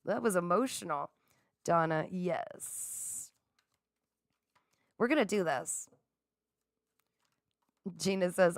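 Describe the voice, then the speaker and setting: Excitable woman hosting a live chat. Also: on the low side, takes it slowly, pauses often, no echo, studio quality. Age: middle-aged. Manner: excitable, laughs often, talks straight to viewers. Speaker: livestream host. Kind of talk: casual live chat reading comments.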